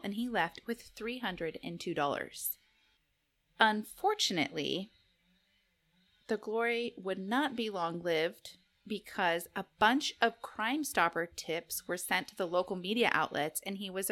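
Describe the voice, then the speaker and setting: A woman's voice: mid-range voice, pushed and bright. A woman co-hosting a podcast, chatting casually, giggling and joking, and reading out a list. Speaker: podcast co-host.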